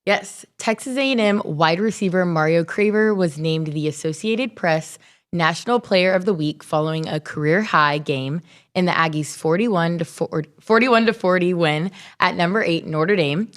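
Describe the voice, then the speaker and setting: Woman doing a sports news update segment, lower voice, upbeat read. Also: normal speed. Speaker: news and social media update reader.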